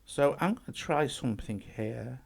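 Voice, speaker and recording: Speaking at a normal speed, this man has a medium-pitched, expressive voice that's creaky and slightly rough. He hosts a laid-back music app demo, musing aloud as he goes and frequently starting his phrases over.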